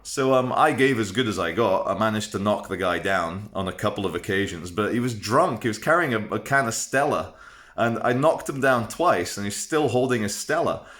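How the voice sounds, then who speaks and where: Low-voiced man rambling frankly. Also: animated, moderate pace, a bit bright. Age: 30s. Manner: chatty, rambling, frank, with many fillers and restarts. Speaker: vlogger. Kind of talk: casual storytelling to camera.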